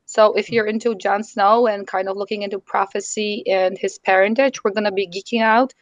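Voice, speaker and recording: A hoarse woman co-hosting a casual livestream chat, talking in an excitable, giggly way. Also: mid-range voice, fairly quick, no echo, rough recording. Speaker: co-host.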